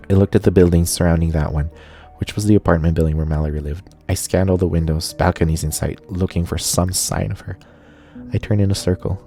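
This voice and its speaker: A man streaming a visual novel, narrating its text aloud in a steady voice. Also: deep voice, vocal fry. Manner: steady narration, cursing asides.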